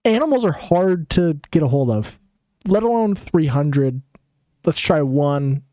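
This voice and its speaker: A man's voice: on the high side, very animated, unhurried, mellow, no room sound, studio quality. A man retelling a story in a casual, comedic way, sarcastic and rambling with restarts.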